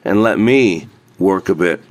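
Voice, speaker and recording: A man voicing a calm, patient old male hermit in a read-aloud storybook, speaking quietly and without hurry. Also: low voice, unhurried, no echo, voice pushed down.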